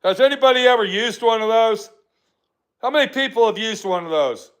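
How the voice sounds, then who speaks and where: Animated and fairly quick, a high-pitched older man rants on a live stream, swearing at viewers and combatively answering their comments from his workshop.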